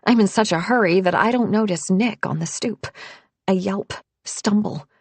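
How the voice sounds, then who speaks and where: Hushed gravelly woman reading a thriller. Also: mid-range voice, normal speed, no room sound. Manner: hushed, often sinking into whispers. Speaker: audiobook narrator. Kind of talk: first-person thriller narration.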